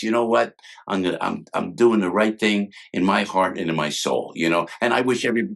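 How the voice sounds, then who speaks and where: Older man, gravelly voice, lively storytelling, acts out quotes, many restarts. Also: on the low side. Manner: talks fast with many restarts and acted-out quotes. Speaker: guest, former sketch comedy cast member. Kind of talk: animated storytelling with impressions.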